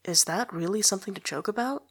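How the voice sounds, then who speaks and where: An earnest, sheltered teenage boy, voiced by a woman reader, sincere and a little puzzled. Plain mid pitch with dry close sound. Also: animated, normal speed, fairly bright tone, no room sound, close to an everyday voice. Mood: hushed.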